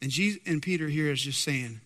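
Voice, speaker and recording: A man preaching a sermon with emphatic storytelling and repeated key words. His voice is high and bright, and it carries a long hall reverb. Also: a little fast.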